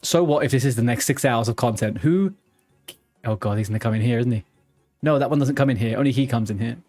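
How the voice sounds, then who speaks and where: A man giving loose, muttered commentary over his own live game stream, thinking out loud and cursing under his breath. His voice sits at an ordinary middle pitch, with faint music playing behind him. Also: fast talker. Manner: mutters to himself, swears when frustrated.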